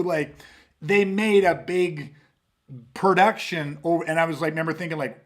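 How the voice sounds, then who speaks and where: A man's voice: high-pitched, fairly even intonation, brisk, fairly bright tone. A man hosting a podcast about self-defense, telling stories animatedly with lots of swearing and restarts. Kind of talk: casual podcast talk.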